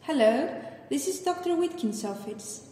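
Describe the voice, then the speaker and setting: A woman's voice: sits high, animated, unhurried, dark tone. A woman playing polite staff in scripted listening test dialogues, carefully enunciated. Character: polite adult woman serving customers. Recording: echoey room with long reverb.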